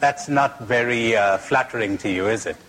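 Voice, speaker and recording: A man's voice: medium pitch, a bit bright. A man giving a spoken talk, blunt and teasing, asking rhetorical questions and telling jokes. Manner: blunt, teasing, drawn-out delivery, tells jokes.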